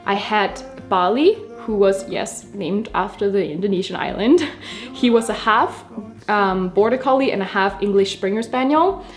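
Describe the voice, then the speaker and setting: A woman's voice: medium pitch, expressive, moderate pace. A woman in her twenties from Denmark, chatting casually and rambling with frequent laughs while doing her makeup for a vlog. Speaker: beauty vlogger. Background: soft background music.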